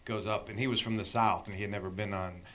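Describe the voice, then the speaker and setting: A man who is a guest comedian, telling road stories in a casual chat, animated and often laughing. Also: fairly low pitch, fast, background noise.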